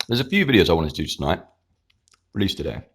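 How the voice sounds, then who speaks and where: A man's voice: low voice, big pitch swings, quick pace, a bit bright. A man, hosting his own channel, chatting casually in a rambling way while eating with his mouth full. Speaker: YouTube channel host.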